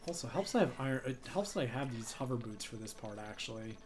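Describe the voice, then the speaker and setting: A man's voice: medium pitch, animated, fast talker, noisy background. Rambling young man streaming a game. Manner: rambling, heavy use of "like" and "um". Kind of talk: casual live gameplay chat.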